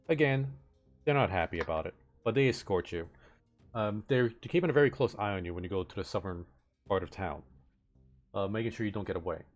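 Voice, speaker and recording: A man narrating as game master for a tabletop game, halting and full of fillers and restarts. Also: on the low side.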